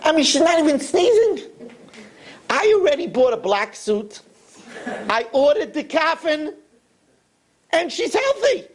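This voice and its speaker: A man voicing a brash rich young man in a told story, speaking in a loud, blustering, indignant way. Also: extremely high pitch, big pitch swings, a little slow, pauses often, pitched above the performer's own voice, heavily acted.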